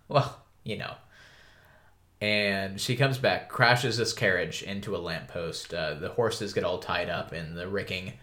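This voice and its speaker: A man co-hosting a podcast, chatting casually about a book, with relaxed fillers and restarts. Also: sits low, measured pace. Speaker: podcast co-host.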